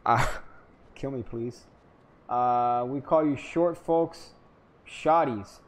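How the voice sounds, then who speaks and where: A man's voice: mid-range voice, extremely slow. Rambling, joking young man streaming a game. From Florida. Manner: rambling, joking, profane, swings into loud hyped outbursts. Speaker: gaming streamer. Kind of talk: casual gameplay commentary.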